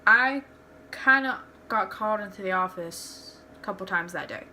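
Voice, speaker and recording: In a casual home vlog, a young woman rambles through personal stories, frequently starting sentences over. She speaks at medium pitch and a moderate pace, sounding pushed and bright. There's slight hiss or hum.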